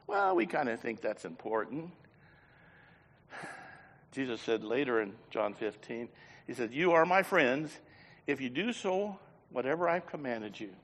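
A man preaching a sermon in a folksy, emphatic way, his voice swelling loud on key phrases. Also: mid-range voice, lively intonation, measured pace, long pauses. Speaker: pastor. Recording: echoey hall, faint background noise.

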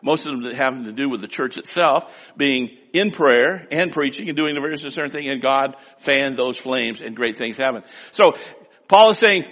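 A man preaching a sermon, emphatic, swinging between loud, drawn-out declaiming and quiet asides. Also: mid-range voice. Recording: long hall reverb.

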